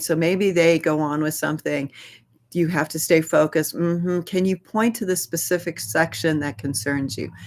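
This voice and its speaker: A man leading a workplace training session, speaking earnestly and acting out sample dialogues. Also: a little high. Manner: earnest, repeats key phrases, acts out sample dialogues. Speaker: workshop facilitator.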